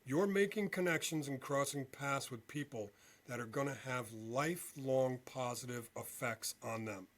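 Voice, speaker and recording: A male veteran and podcast guest telling a story in an animated way, often checking in with "okay?". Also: medium pitch, moderate pace. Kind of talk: storytelling interview.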